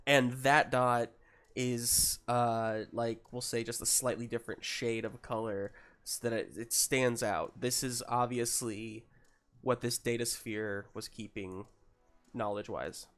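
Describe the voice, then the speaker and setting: A man narrating and running a tabletop role-playing game, talking in a loose, hesitant way with many pauses and restarts. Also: mid-range voice, fairly even intonation, fairly bright tone, smooth. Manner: hesitant, full of ums and restarts. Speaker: game master.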